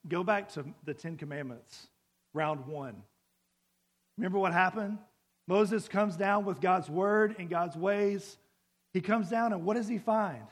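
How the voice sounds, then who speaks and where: A man preaching a sermon to a congregation in a church, conversational and full of questions to the room. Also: sits high. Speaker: pastor.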